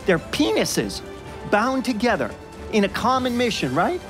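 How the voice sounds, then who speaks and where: An actor playing a crude, excitable young movie buff in an audio drama, ranting fast with lots of swearing. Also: male voice, high voice, music in the background, pitched above the performer's own voice, full character voice. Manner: fast, profane, animated rant.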